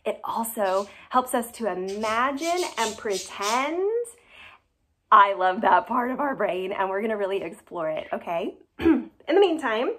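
A woman preschool teacher at home, talking to young children in an animated, questioning way. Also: mid-range voice, unhurried. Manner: animated and questioning, exaggerated for kids. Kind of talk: addressing young children in a video. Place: her home, indoors.

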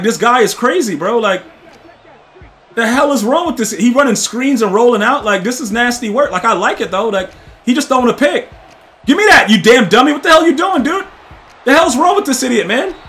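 A man streaming a football video game, talking to his chat in excitable, trash-talking commentary that keeps breaking into loud shouts. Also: high-pitched. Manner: excitable, trash-talking, repeats "dude" and "bro". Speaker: gaming streamer. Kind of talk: live gameplay commentary to chat.

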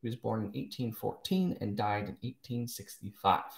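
Man, low voice, casual live-stream host, rambling wry asides, echoey room. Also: lively intonation, moderate pace, vocal fry. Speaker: host of a live poetry show.

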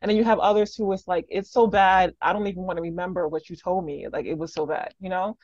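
A woman's voice: on the low side, steady tone, quick pace, darkish tone, no room sound. Woman host asking lots of questions, like you know, dry lo-fi call sound. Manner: curious, probing questions, many fillers. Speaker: interview host. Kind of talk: casual interview chat.

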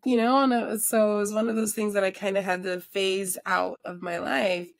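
Woman, American accent, animated anecdotes, quick impressions, dry close sound. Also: mid-range voice, gravelly, no room sound. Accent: American, with a British accent that comes out at times. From born in New Jersey, raised in England. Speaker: guest, voiceover artist and filmmaker. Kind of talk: casual interview storytelling.

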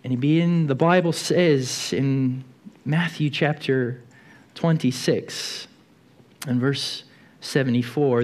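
A man's voice: mid-range voice, slow pace, a little mellow. A man preaching a sermon in a church, telling the story vividly and often repeating words as he goes.

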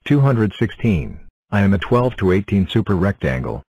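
A man voicing a cheerful talking number block in a cartoon, announcing itself in short flat sentences. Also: fairly low pitch, moderate pace, no room sound, muffled recording. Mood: plain.

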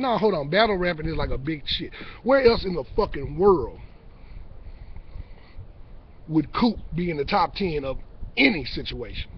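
Brash battle-rapper vlogger, a man with a high voice, cocky and profane, on a dull lo-fi recording. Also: noisy background. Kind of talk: casual trash-talk monologue to camera. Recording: dull lo-fi sound.

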